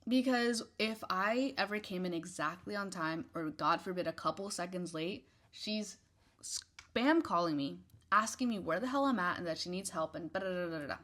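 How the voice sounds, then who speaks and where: A young woman casually telling a storytime, animated and petty, acting out quotes and dropping to whispered asides. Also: on the low side, normal speed. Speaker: vlogger.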